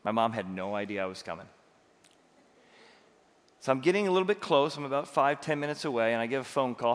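A middle-aged man from the American Midwest, a pastor preaching a sermon in a relaxed, conversational storytelling way with touches of humor. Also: mid-range voice, brisk, long pauses. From Morton, Illinois, USA. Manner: conversational storytelling with light humor, lively swings in loudness. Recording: long reverb of a large hall.

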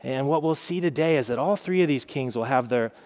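A man's voice: medium pitch, fairly quick, darkish tone. A man in his thirties teaching a casual Bible lesson, chatty and humorous with many fillers.

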